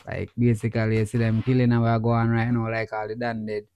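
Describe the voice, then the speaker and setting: A man's voice: on the low side, level tone, fast talker, a little mellow, smooth. A man from Jamaica with a Jamaican accent, co-hosting a podcast in casual chat, laid-back and agreeable, slipping into patois. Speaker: podcast co-host. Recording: dull lo-fi audio.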